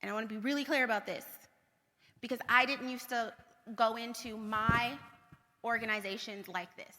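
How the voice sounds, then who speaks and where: A woman giving a conference keynote talk, energetic, repeating points for emphasis and checking in with the audience. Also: on the high side, moderate pace. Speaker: keynote speaker. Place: large conference hall. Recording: long hall reverb.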